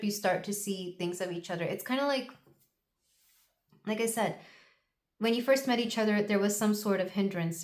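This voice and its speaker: A woman doing a solo tarot reading, talking in a loose, musing, chatty way. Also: mid-range voice. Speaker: tarot reader.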